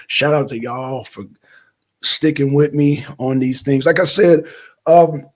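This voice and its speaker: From Atlanta, Georgia, a man hosts a casual livestream, rambling loosely and talkatively while shouting out viewers in the chat by name. His voice is on the high side, and he keeps a measured pace.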